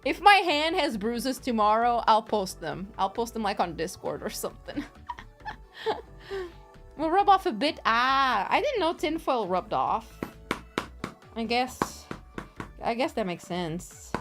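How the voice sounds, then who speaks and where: A woman's voice: a little high, sing-song, unhurried, long pauses, a bit bright, soft background music. A woman streamer chatting casually while crafting on a livestream, giggly, rambling and playful.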